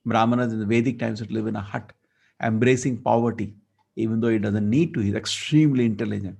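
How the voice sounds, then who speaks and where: A man teaching a scripture class, telling the story lively and acting out the dialogue. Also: fairly low pitch, fast talker, creaky, breathy edge. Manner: storytelling, acts out dialogue, asides. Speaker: spiritual teacher.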